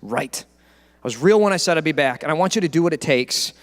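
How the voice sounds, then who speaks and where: A man preaching who voices Jesus as a gentle, humble man, speaking softly and apologetically. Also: a little high, lively intonation, fairly quick, pitched below the performer's own voice, lightly acted. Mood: apologetic. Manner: soft, apologetic. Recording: long church reverb.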